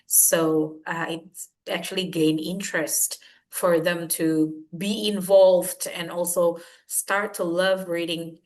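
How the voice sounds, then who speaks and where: Lady teacher on a video call, lowish voice, lots of uhs and ums. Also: flat delivery, slow, a little mellow. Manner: hesitant, many fillers. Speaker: English teacher presenting a workshop. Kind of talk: webinar presentation.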